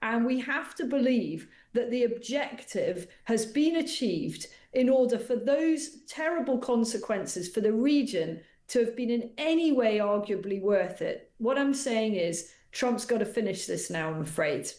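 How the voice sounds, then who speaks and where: A woman's voice: fairly high pitch, expressive, measured pace, hardly any pauses, darkish tone, reverberant. A woman guest on talk radio giving articulate, assertive political commentary.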